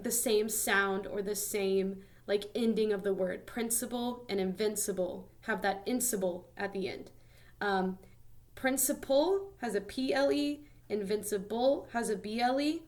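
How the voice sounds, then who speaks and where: A young woman teaching a casual lesson, explaining in a chatty way with many ums and likes. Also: medium pitch.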